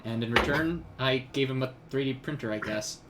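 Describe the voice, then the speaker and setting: A man's voice: mid-range voice, moderate pace, crowd noise. A young man hosting a live stream while he draws. He chats casually and rambles, with many ums and restarts. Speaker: streamer and artist.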